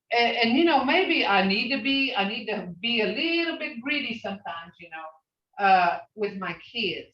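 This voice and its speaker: An older woman leads a language class and tells stories, dropping "you know" all through her talk. Her voice is bright and rises and falls a lot. She sounds far from the mic in an echoey room, on a dull recording. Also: fairly high pitch. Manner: storytelling with many "you know" fillers. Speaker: language teacher.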